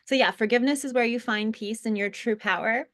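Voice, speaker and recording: A woman's voice: fairly high pitch, brisk, fairly bright tone. Earnest woman teaching a spiritual lesson. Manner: earnest, with frequent fillers and restarts. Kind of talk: casual spoken teaching.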